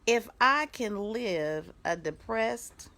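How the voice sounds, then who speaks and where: A middle-aged woman life coach giving an animated, storytelling motivational talk on a live video. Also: a little high. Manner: animated storytelling with quick bursts of laughter; breaks off to give firm commands.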